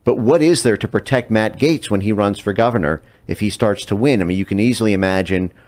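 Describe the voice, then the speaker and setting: Male interview guest, low-pitched, measured and analytical. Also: a little mellow. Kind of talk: political commentary in an interview.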